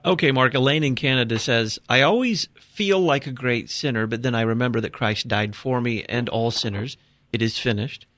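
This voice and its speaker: A man's voice: mid-range voice, moderate pace, few pauses, fairly bright tone, no echo. A man hosting a call-in radio show, reading out listener comments and putting questions to his guests. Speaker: radio host.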